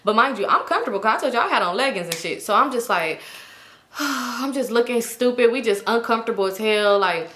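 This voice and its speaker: Brief: woman, fairly high voice, casual profane storytime, roomy echo. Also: a little fast. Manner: animated, profane, slangy. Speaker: vlogger telling a story.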